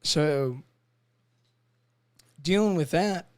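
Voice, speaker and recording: A young man with a fairly high voice talks on a podcast. He stumbles and repeats words, and his voice often trails off. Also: drawn-out words, clean tone. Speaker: podcast co-host, veteran. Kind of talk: casual conversation.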